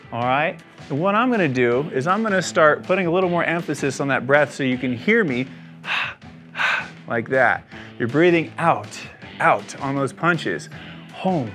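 A man's voice: a little high, animated, moderate pace, a bit bright, soft background music. A young man, a fitness instructor, leading a guided exercise class with encouraging cues and frequent check-ins.

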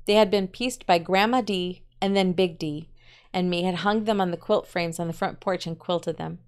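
A woman literature teacher reading a story aloud and pausing to explain it in short asides. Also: fairly low pitch, smooth.

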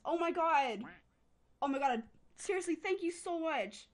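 A woman's voice: very high-pitched, animated, a little slow. A woman livestreamer, overwhelmed and close to tears, gushing thanks over and over to her chat. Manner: gushing, repeats thanks and exclamations. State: emotional, near tears. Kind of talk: overwhelmed thank-you on a live stream.

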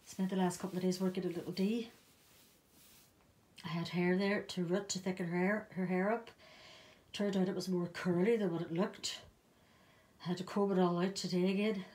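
Breathless Northern Irish woman chatting. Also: fairly low pitch. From Northern Ireland. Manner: rambling, with soft half-whispered asides. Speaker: vlogger. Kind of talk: casual chat to camera.

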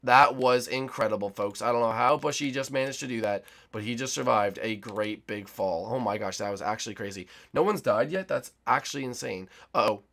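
A young man giving excited, teasing play-by-play commentary on a multiplayer game round, talking to players and viewers. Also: mid-range voice, fairly quick, creaky, hardly any pauses. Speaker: gaming YouTuber.

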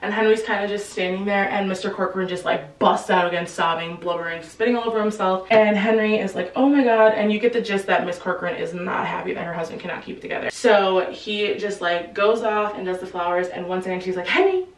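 A young woman in her twenties retells a novel's plot in a loose, slangy, chatty way, her voice sitting at an ordinary middle pitch. The room sounds echoey, and she seems a little back from the mic. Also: fairly even intonation, quick pace, few pauses. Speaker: book channel host. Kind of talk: casual book summary storytelling. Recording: roomy, distant from the mic.

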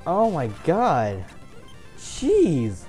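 A young man giving casual, excitable commentary while playing a game, swearing and joking to himself. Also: on the high side, drawn-out words, soft background music. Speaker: gameplay commentator.

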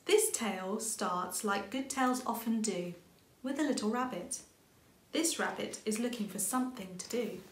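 A woman's voice: mid-range voice, normal speed. A woman, the author, reading her own children's picture book aloud in an inviting storytelling manner. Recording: roomy echo.

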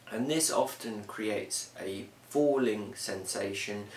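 A man explaining a lesson in a measured way, often pausing with um. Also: fairly low pitch, a bit bright. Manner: measured, with frequent ums. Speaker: teacher. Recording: roomy, from a distance, faint hiss.

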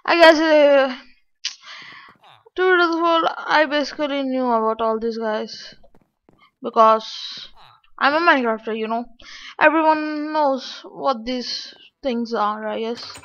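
A woman's voice: high-pitched, takes it slowly, a bit bright. A woman giving casual game commentary, complaining aloud to her viewers in an exasperated way. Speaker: gaming channel host. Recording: dull lo-fi.

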